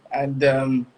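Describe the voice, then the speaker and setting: A man, a guest husband in a casual interview, speaking haltingly with restarts as he reflects on his marriage. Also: medium pitch, a little mellow, rough recording. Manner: halting, many restarts and laughs.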